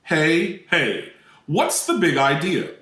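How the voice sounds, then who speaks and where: A man voicing an indignant puppet-show character who huffs and shouts out complaints. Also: a little high, big pitch swings, slow, exaggerated voice. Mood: huffy. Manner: huffy, exclamatory. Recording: roomy, mic at a distance.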